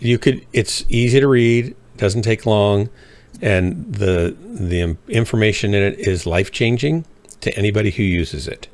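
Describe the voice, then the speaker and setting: A man's voice: on the low side, animated, moderate pace. A man chatting casually with friends while streaming a mech game, giving earnest advice and often correcting himself. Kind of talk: casual chat over voice call while gaming.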